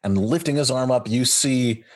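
A man running a tabletop horror game as game master, narrating in a measured way. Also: mid-range voice.

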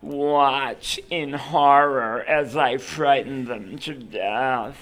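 Casting: man doing a scared little cartoon ghost, wishy-washy and thin, bright edge. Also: mid-range voice, extremely slow. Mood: mock menacing. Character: timid little male ghost trying to scare.

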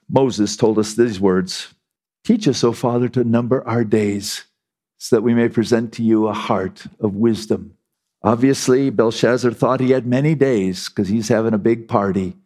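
Animated male preacher, lively pitch. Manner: animated, emphatic, rising to near shouts and dropping low. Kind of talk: sermon.

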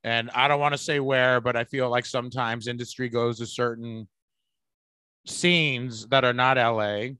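With a steady, medium-pitched voice that is sharp and smooth, a Bay Area man hosts a podcast at a moderate pace, with no room sound. He rambles casually, swears freely, and erupts into laughter.

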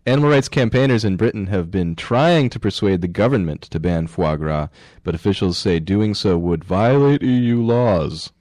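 A man's voice: lowish voice, moderate pace, few pauses, a little mellow, no echo. A man co-hosting a radio show, joking and laughing as he reads out news stories. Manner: jokey, laughs often, reads news items aloud. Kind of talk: casual radio banter.

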